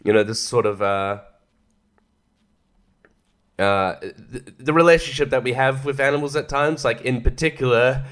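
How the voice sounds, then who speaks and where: A man's voice: medium pitch, moderate pace, pauses often, fairly bright tone. A man hosting a casual film review podcast, rambling and sarcastic, swearing freely and laughing often. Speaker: podcast host reviewing films.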